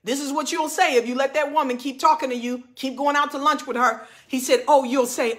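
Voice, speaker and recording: A woman's voice: steady tone, fairly quick, hardly any pauses. A woman in her forties, a marriage coach, giving a fervent, emphatic preaching talk. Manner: fervent and emphatic, swinging from loud reading to low earnest talk.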